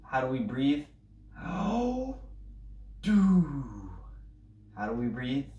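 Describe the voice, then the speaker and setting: In a recorded online music lesson, a man leads an elementary band class through breathing drills and counts aloud with upbeat coaching energy. His voice is medium-pitched, steady, brisk and slightly mellow, captured in lo-fi, roomy sound from a distance.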